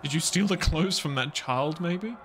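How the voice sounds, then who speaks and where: A man's voice: fairly high pitch, fairly bright tone. Chatty male game streamer, noisy feed. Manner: chatty, rambling, quick to laugh and exclaim. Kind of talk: casual live gameplay commentary.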